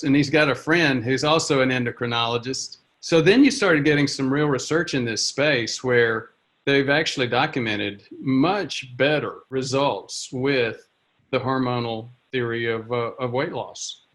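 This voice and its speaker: A man's voice: mid-range voice, unhurried, fairly bright tone. A man interviewing a guest, explaining background and asking follow-up questions. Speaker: interviewer, doctor. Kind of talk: conversational interview.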